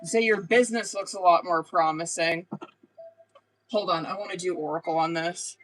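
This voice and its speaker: A woman's voice: fairly low pitch, normal speed, a bit bright, poor audio. A woman reading tarot on a live stream, talking casually with lots of swearing and fillers. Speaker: tarot reader.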